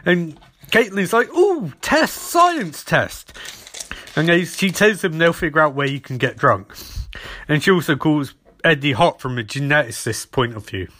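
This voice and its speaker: A man's voice: a little high, expressive, moderate pace, bright, forceful tone. A man casually recapping a TV episode as a podcast host, rambling and acting out quoted lines.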